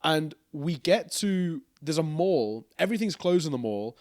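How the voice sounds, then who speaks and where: A man's voice: on the high side, unhurried, no echo, clean studio sound. A young man telling a rambling story on a casual podcast, swearing freely. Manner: rambling, animated anecdote with swearing and laughter. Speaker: podcast co-host.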